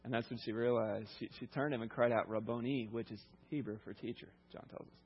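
A man's voice: mid-range voice, steady tone, quick pace, husky, lo-fi sound. A man preacher giving a sermon, retelling a Bible story in a conversational way with lots of asides.

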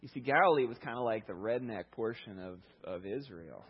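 A male pastor preaching a sermon in a conversational, animated storytelling manner, heard through a dull, lo-fi recording. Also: lowish voice, a little fast, breathy edge.

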